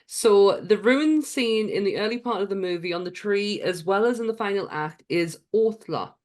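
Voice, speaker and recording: A woman co-hosting a podcast in casual chat, excitable and swearing freely. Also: mid-range voice, moderate pace. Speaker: podcast co-host.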